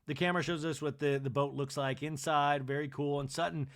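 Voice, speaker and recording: A man's voice: on the high side, fairly even intonation, brisk. A man hosting a comic recap podcast, chatty and rambling, often interrupting himself. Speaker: podcast host.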